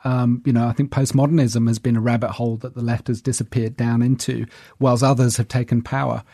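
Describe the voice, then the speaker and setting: A man's voice: medium pitch, flat delivery, a little fast, dark tone, no room sound, studio quality. A man as an interview guest, speaking articulately and earnestly in a casual conversation.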